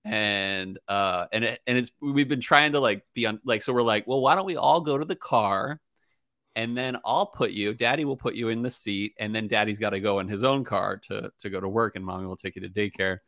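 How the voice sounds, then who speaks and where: Bright-voiced, low-pitched male podcast co-host. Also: fairly quick, no echo, studio quality. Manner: agreeable, frequent listener affirmations. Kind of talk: casual chat.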